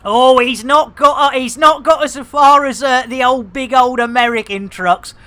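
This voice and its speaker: Middle-aged woman streamer, jokey slangy chatter, unhurried delivery, bright voice. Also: high-pitched. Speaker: game streamer. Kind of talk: casual live-stream chatter.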